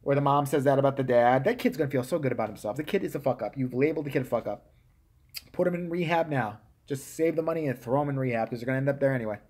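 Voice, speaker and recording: Brief: husky male streamer, mid pitch, profane and heated casual rant. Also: racing. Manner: profane, heated, swings between loud outbursts and muttered asides. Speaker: live-stream host. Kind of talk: casual ranting monologue.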